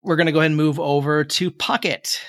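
A man's voice: fairly high pitch, steady tone, fast, a bit bright, dry recording, studio quality. A man narrating a tabletop game as game master, in a casual, rambling way with lots of fillers.

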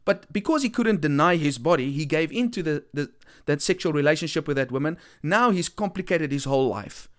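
A man's voice: a little high, lively intonation, a little fast, a bit bright. Earnest man preaching. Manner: earnest, repeats for emphasis, frequent restarts. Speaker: Christian speaker.

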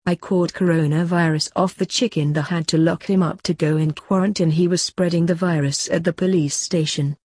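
A woman's voice: fairly low pitch, steady tone, moderate pace, hardly any pauses, a little mellow, slightly rough, no echo, clean studio sound. A woman voicing a grumpy, ancient male doctor who grumbles wearily. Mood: grumbling. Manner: grumbling and weary.

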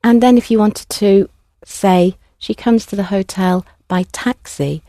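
A woman teaching a language class, prompting students clearly and patiently. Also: mid-range voice, fairly even intonation, unhurried, dark tone, no echo, studio quality. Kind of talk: classroom instruction.

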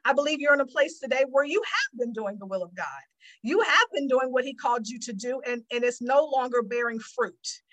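Animated woman teaching on faith. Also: high-pitched, fairly quick, low-quality recording. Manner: animated, acts out her own prayers and God's replies. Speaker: host and Christian teacher. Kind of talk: sermon-style teaching.

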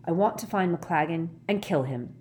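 A frustrated teenage boy bites out his words in an angry, clipped way, as a woman reading the story puts him on. The voice sits fairly low but still rises and falls a lot. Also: expressive, moderate pace, a little mellow, close to an everyday voice.

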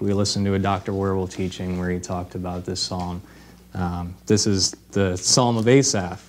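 A man's voice: lowish voice, darkish tone. A man preaching an informal sermon in a conversational way, with fillers and restarts.

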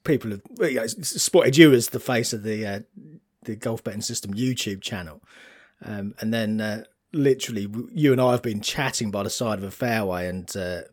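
A man's voice: fairly low pitch, brisk. A man co-hosting a casual podcast, friendly and a little hesitant, full of small fillers as he talks. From United Kingdom. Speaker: podcast co-host.

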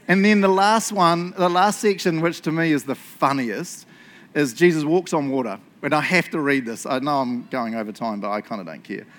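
A man preaching a casual sermon, telling stories in an excitable, chatty way and laughing along. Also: on the high side, moderate pace.

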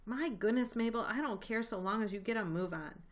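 A woman voicing a bossy, impatient farmer's wife in a storybook reading, sharp and commanding. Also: fairly high pitch, brisk, voice pushed up, close to an everyday voice.

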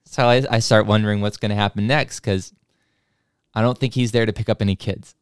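A man with a somewhat low, smooth voice tells a story in a relaxed, casual way. He chuckles as he goes, and the recording is dry and close with no room sound. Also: a little fast, no echo. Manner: relaxed, chuckles through his own story.

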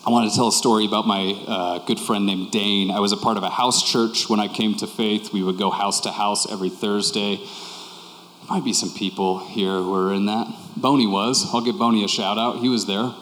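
Low-voiced man preaching in an echoey hall. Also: steady tone, normal speed, a bit bright. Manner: conversational and candid, repeating key phrases. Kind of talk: sermon. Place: church hall with congregation. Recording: echoey hall with long reverb.

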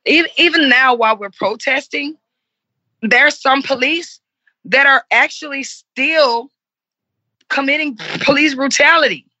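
A woman's voice: high-pitched, measured pace, bright, forceful tone, dry recording, highs cut off. A woman in her forties, speaking earnestly and with passion in an interview and repeating herself for emphasis. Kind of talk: heartfelt conversational interview.

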